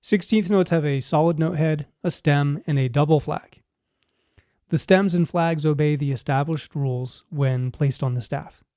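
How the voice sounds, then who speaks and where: A man narrating a scripted music lesson, explaining clearly and at a measured pace. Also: a little high, dark tone, no echo, studio quality. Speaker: music teacher.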